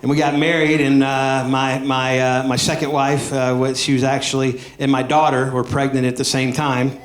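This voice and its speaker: A man, doing high-energy stand-up comedy with plenty of audience asides. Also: little pitch movement, normal speed, a little hiss or hum. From Alabama, US. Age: 50s. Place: comedy club stage. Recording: echoey club room.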